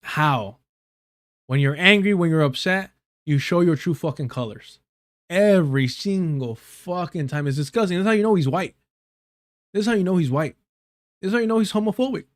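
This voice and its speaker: A man's voice: sits high, animated, moderate pace, long pauses, dry recording, clean studio sound. A man hosting a live stream, giving angry, repetitive commentary on a clip, swearing often. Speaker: live stream host reacting to clips.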